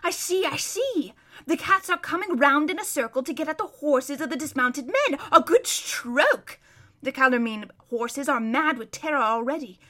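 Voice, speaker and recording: A woman's voice: high voice, bright, forceful tone. A woman voicing an old male hermit who describes a distant battle as a vivid, emphatic running commentary. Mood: urgent.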